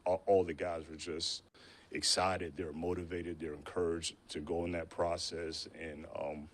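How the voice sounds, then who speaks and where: A man with a very low, deep voice speaks in a recorded interview clip. He talks about team personnel work in halting stretches with pauses between them. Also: level tone. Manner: halting, full of fillers and restarts. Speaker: football team personnel staffer.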